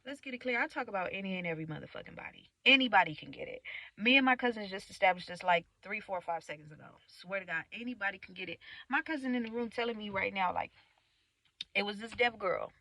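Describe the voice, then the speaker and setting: A woman's voice: medium pitch, lively intonation, fast talker, bright, forceful tone, no room sound, rough recording. A woman from the United States vlogging in a casual, rambling, profane rant. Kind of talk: casual ranting monologue.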